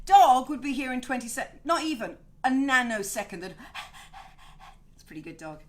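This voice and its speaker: A middle-aged woman hosting her own home video show, chatty and swearing freely with animated asides. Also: high-pitched, normal speed. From Wales. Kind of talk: casual home video chat. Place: home, indoors.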